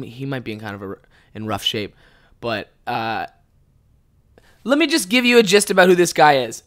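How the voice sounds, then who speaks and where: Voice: medium pitch, a bit bright. Twenties, podcast host, casual storytelling, heavy swearing, frequent laughter. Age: 20s. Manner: profane, rambling, laughs often.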